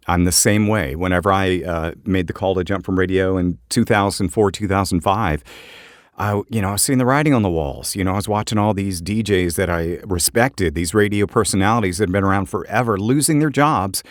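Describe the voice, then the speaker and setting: A man's voice: sits low, fairly quick, dry recording, clean studio sound. A man co-hosting a voice-over podcast, chatting casually and joking, with plenty of fillers. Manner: relaxed, joking, many fillers. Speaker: podcast co-host, voice actor. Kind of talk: casual chat.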